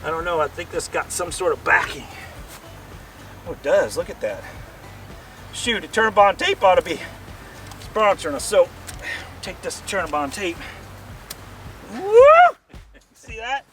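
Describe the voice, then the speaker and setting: Man, high-pitched, folksy joking vlog host, outdoors, heard from a distance. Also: animated, moderate pace, long pauses, pushed and bright, faint music behind. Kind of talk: casual outdoor demo vlog. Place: outdoors by a vehicle.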